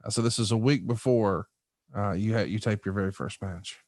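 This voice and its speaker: A man's voice: fairly low pitch, fairly quick. A man hosting a podcast, asking questions in an enthusiastic, casual interview chat. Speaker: podcast host.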